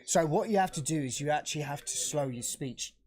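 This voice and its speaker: A man's voice: on the high side, fairly quick, darkish tone. Chatty man on a live stream. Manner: chatty, laughs easily, many fillers. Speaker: co-host of a live trading stream. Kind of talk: casual chat.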